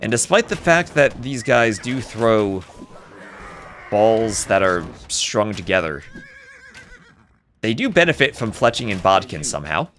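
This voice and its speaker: A man casting a live strategy game, mixing chatty storytelling asides with excited play-by-play calls. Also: lowish voice, measured pace, long pauses, slight background noise. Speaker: esports caster. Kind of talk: live game commentary with casual chat.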